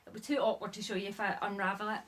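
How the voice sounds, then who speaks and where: A woman's voice: mid-range voice, little pitch movement, rapid-fire, a bit bright. A woman chatting casually through a haul video, a little out of breath, rambling and apologizing often, filling her sentences with "like". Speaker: haul vlogger. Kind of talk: casual chat showing items.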